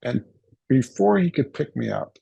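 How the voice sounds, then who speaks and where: A man's voice: mid-range voice, sing-song, measured pace, gravelly, warm tone, breathy edge, no room sound. A man telling a funny personal story at a summit, playfully acting out the voices he quotes. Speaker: summit speaker. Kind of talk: humorous personal storytelling talk. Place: recorded for a virtual summit.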